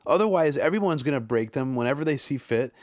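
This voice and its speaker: A man's voice: medium pitch, expressive, fast, no echo. Slangy exasperated man, dry sound. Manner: slangy, exasperated, swears freely. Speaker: podcast co-host. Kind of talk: casual political chat.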